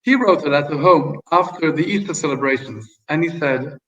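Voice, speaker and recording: Guest, male, a little high voice, hesitant storyteller with fillers; recorded far from a dull mic. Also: fairly quick, fairly bright tone. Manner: hesitant, many fillers and restarts. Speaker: interview guest, ambassador. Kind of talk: casual interview storytelling. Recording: distant, dull lo-fi sound.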